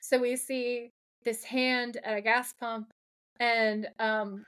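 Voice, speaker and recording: A woman with a fairly high voice chats casually on a podcast. She recaps a TV episode with animated energy and acts out the characters' lines as she tells it. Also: takes it slowly, smooth. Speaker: podcast co-host.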